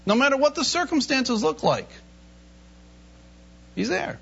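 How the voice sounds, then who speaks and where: A man preaching a sermon in an animated way, reading scripture and acting out the voices in it with laughter in between. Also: very high-pitched, a little slow, creaky, slightly rough. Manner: animated, acts out Bible voices, laughs often. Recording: dull lo-fi recording.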